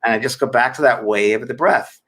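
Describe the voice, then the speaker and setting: A man's voice: medium pitch, a little fast, fairly bright tone, breathy edge. A middle-aged man hosting a show, explaining meditation in an earnest, rambling way, often restarting and repeating himself. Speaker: spiritual teacher and host. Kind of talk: casual teaching chat.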